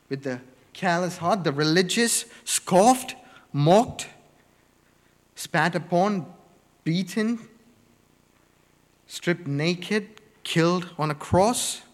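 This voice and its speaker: A man preaching a sermon, slow and deliberate, stressing words one by one in emphatic lists. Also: high-pitched, big-room sound.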